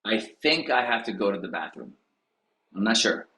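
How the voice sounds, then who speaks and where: A man's voice: sing-song, normal speed, pushed and bright, full character voice. A man voicing a reluctant male real estate agent who mumbles excuses to avoid his calls. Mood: stalling. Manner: mumbling excuses, low and hesitant. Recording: roomy echo.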